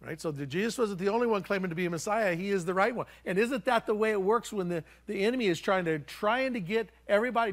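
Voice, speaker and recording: A man's voice: high voice, quick pace, hardly any pauses. Emphatic male pastor preaching. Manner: emphatic, repeats key phrases, shifts between loud and hushed. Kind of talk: sermon.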